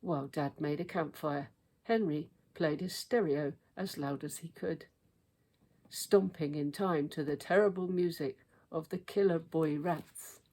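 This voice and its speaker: A woman reads a children's storybook aloud with expressive, measured delivery. Her voice sits low and she moves along at an unhurried pace.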